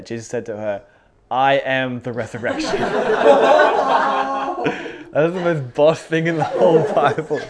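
Man teaching a small-group Bible study, casual and animated, mid-range voice. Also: mid-range voice, unhurried, a crowd in the background. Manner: animated, laughs often, reads scripture then comments. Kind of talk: casual Bible teaching, reading verses aloud.

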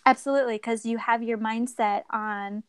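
A woman's voice: fairly high pitch, normal speed, smooth, no room sound. A young adult woman sharing a personal story as a podcast guest, acting out quoted dialogue and laughing often. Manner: expressive, acts out quoted dialogue.

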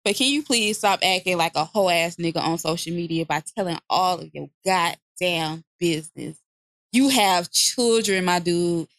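A woman's voice: on the low side, normal speed, fairly bright tone, dry recording. Blunt profane woman podcast host, dry sound. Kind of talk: casual podcast chat.

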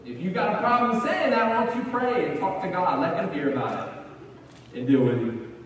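High-voiced preacher in an echoey hall. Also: male voice, fairly quick, slight background noise. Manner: conversational, repeats words when animated. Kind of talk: sermon. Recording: echoey hall, far from the mic.

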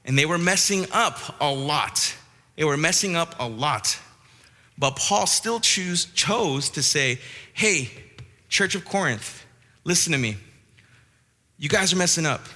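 A young man preaching to a church youth group. He is animated and joking, with restarts. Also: a little high, in a large hall. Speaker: youth pastor. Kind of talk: youth sermon with storytelling. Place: church hall.

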